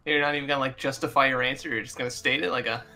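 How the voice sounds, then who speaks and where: A man's voice: medium pitch, fairly even intonation, very fast, vocal fry, pushed and bright, soft background music. A young man co-hosting a podcast, tossing in dry wisecracking one-liners during casual chat. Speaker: podcast co-host.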